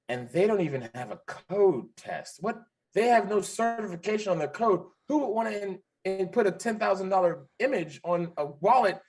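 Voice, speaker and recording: A man's voice: a little high, a little mellow. A man of about forty, a podcast guest, telling stories in a casual, emphatic way and often repeating his phrases. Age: 40s. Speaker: podcast guest, security founder. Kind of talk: casual conversational storytelling.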